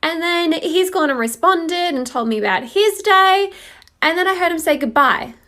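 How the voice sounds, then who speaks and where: Brief: bright, high woman, lively delivery, bemused storyteller. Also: moderate pace. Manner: bemused, retelling with a lot of detail. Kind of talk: casual storytime monologue.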